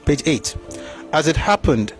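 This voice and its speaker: Over soft background music, a man with a Nigerian accent offers opinionated history commentary, reading passages aloud in an animated, rhetorical style. His voice is on the high side and his pace is measured.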